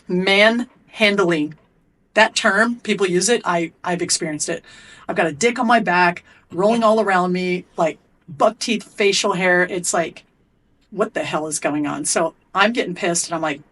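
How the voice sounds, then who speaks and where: A middle-aged woman speaks as a podcast guest, her voice a little lower than most. She tells her story bluntly, animated and full of profanity. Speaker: guest, athlete and coach. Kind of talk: candid storytelling in a podcast interview.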